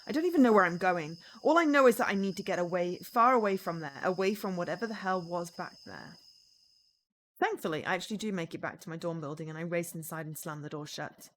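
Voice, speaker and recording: A young adult woman streaming a visual novel, reading the story aloud in an expressive, dramatic first-person voice. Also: lowish voice, fast talker, low-quality recording.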